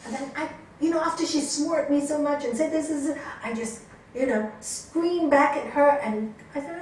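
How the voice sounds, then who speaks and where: A woman's voice: high-pitched, normal speed, slight background noise. A woman yoga teacher telling stories to her class and acting out the people in them. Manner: animated storytelling, acting out quoted people. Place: teaching room. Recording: echoey room from a distance.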